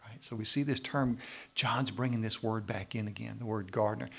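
A man with a gravelly, husky voice on the low side preaches briskly as a pastor. He's animated and emphatic, frequently tossing in "right?" and building to loud stresses.

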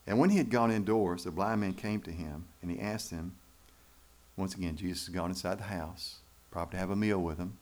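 A man's voice: deep voice, a little fast, a little mellow. A man preaching a sermon in church, folksy and emphatic, with rhetorical questions to the congregation. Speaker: pastor.

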